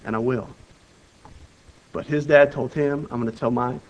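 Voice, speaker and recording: A man preaching a sermon in an earnest, conversational way. He repeats and restarts his phrases, and his delivery moves between loud urgency and quiet emphasis. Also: mid-range voice, fairly even intonation, moderate pace, poor audio. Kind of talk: sermon with Bible reading.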